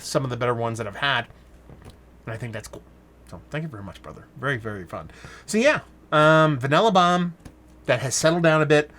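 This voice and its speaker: A man with a mid-range, slightly bright voice rambles through a beer review into a standalone mic. He's casual, often breaking off and restarting sentences, with the occasional swear.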